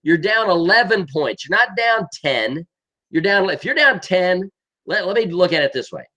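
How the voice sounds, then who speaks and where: A man's voice: high-pitched, big pitch swings, moderate pace, sharp tone. Exasperated man ranting about football. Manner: exasperated, emphatic, keeps asking "okay?". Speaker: sports commentator. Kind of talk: football rant.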